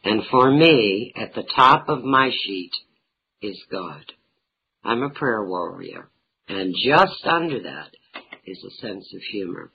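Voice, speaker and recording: A woman's voice: rumbling low, animated, slow pace, gravelly, muffled recording, slight background noise. A middle-aged woman, an author being interviewed, telling humorous family anecdotes. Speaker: author and talk show guest. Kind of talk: interview storytelling.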